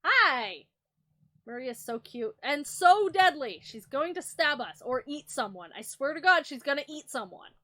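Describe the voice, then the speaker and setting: A young adult woman streamer reading game text aloud and reacting in a casual, excitable, profane, mock-indignant way. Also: high voice, unhurried.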